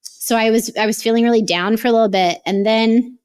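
Animated woman in her late thirties. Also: fairly high pitch, brisk, clean tone. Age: 30s. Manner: animated storytelling, acts out her own past words. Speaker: podcast guest, real estate investor. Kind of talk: casual interview chat.

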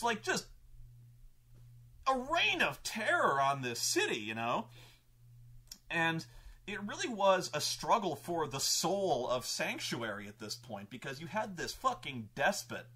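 Animated, husky man telling game stories. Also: on the high side. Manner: animated, profane, laughs often. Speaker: show host recounting his game mastering. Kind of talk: casual storytelling.

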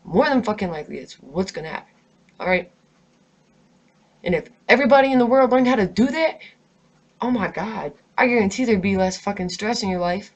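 A woman's voice: medium pitch, lively intonation, fairly quick, pauses often, lo-fi sound. A stressed, angry woman vlogger in an unscripted, profanity-heavy rant delivered straight to camera. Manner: profane, emphatic, heated.

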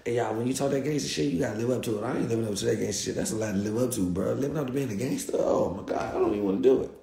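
A young man, a guest telling a story in animated, slangy style and repeating himself. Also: mid-range voice, rapid-fire, gravelly, reverberant. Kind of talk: street storytelling.

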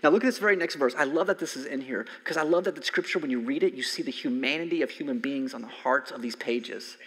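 A man in his forties preaching a conversational sermon as a pastor, swinging from loud emphasis to soft near-whispers. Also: medium pitch, fast talker, husky. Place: church sanctuary. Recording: long hall reverb from a church sanctuary.

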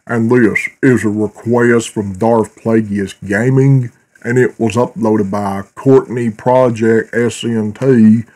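A man's voice: lowish voice, darkish tone. A man hosting a reaction video, blunt and swearing freely as he comments.

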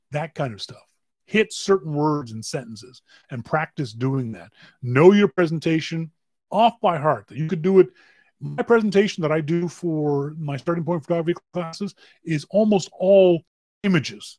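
A man hosting a podcast, giving casual advice on camera and stressing words with big jumps in pitch and loudness. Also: normal speed, no room sound. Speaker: podcast host.

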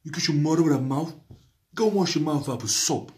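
A man's voice: on the high side, a little fast, darkish tone, pitched above the performer's own voice, lightly acted. An Englishman putting on a brash American accent to play an indignant man scolding someone. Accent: American, put on.

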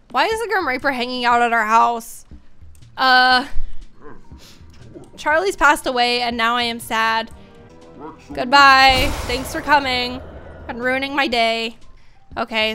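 A woman's voice: on the high side, sharp tone, clean tone. A woman hosting a gaming channel, chatting to viewers in let's-play commentary.

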